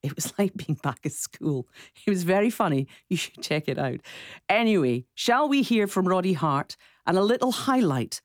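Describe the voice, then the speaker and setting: A woman's voice: on the low side, big pitch swings, normal speed, dry recording, studio quality. A woman presenting a radio show in chatty banter, laughing easily. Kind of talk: lively radio chat. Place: radio studio.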